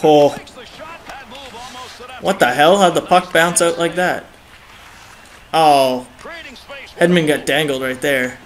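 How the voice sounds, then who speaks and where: A young man giving excitable live commentary on his own video game match, groaning and cheering at each play, his throat a bit dry. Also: fairly high pitch, slow pace, pauses often. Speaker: gaming channel host.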